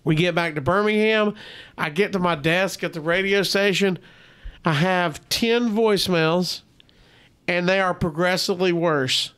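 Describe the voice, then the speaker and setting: A man's voice: sits high, measured pace, smooth. A man telling a story as a guest on a comedy podcast, acting out the voices of the people in it. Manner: animated, acts out quoted voices.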